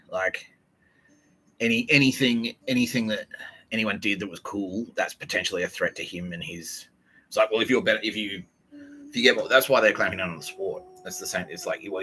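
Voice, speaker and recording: A man's voice: sits low, pushed and bright, a little hiss or hum, low-quality recording. A man hosting a podcast, ranting in a sweary, rambling monologue. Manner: sweary, ranting, quotes people in put-on voices. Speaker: podcast host.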